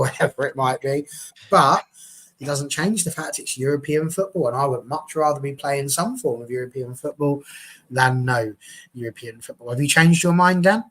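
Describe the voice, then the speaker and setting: A man hosting a casual fan panel, chatty and jokey, reading out viewer comments. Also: medium pitch. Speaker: fan show host.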